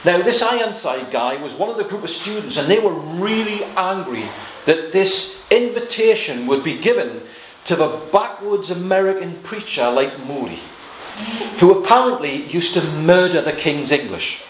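A man preaching a sermon in a fairly high voice, telling a story with asides and slowing down to stress his points. His voice echoes around a church hall, over a faint hum of room noise. He laughs lightly now and then. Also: big pitch swings.

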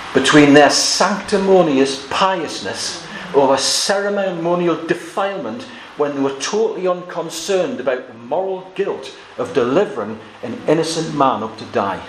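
A man with a slightly high voice preaches through a scripture passage, reading verses aloud and commenting on each one. The recording has a noticeable room echo and a faint hiss underneath. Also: lively intonation, measured pace. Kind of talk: expository sermon with scripture reading. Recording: echoey room with faint noise.

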